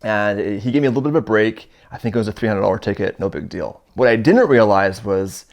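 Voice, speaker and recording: A man in his thirties from Canada, telling a story in a casual, animated way. His voice sits a little low, and he acts out the people in his tale as he goes. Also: fast talker. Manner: animated, acts out quoted dialogue in his stories. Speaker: storyteller guest. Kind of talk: casual first-person storytelling.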